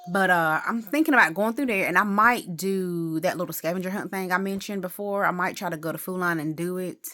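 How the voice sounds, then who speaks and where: A woman's voice: fairly low pitch, fairly quick, sharp tone. A woman talking casually to a phone camera at home in a rambling day-in-the-life vlog, with exasperated asides. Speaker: vlogger.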